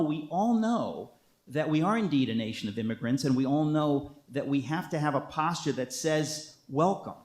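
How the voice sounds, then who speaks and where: A man from the United States speaks in a somewhat high voice, earnest and emphatic, slipping in wry asides as he answers an interviewer's question. The recording sits in an echoey room. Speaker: author.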